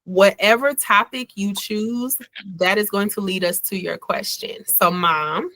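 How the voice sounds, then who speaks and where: A woman's voice: mid-range voice, measured pace, pushed and bright, no room sound. A woman hosting a book club over a video call, laid-back and joking in a folksy way. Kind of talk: casual chat.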